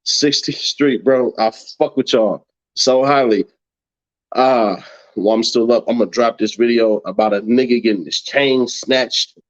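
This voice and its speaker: A man's voice: medium pitch, a little slow. A man hosting a late-night livestream, ranting profanely and mockingly at critics, laughing often. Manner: brash, mocking, laughs a lot. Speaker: livestream host. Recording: dull lo-fi stream audio.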